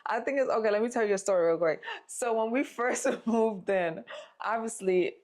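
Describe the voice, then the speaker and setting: A woman's voice: a little high, moderate pace, a little mellow. Young female co-host, casual storyteller, swears a lot, acts out every quote. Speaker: podcast co-host.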